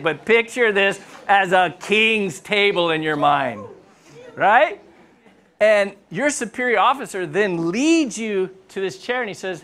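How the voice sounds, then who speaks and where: Animated pastor. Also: medium pitch, a little slow. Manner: animated, playful storytelling with acted-out voices. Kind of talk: sermon. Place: church.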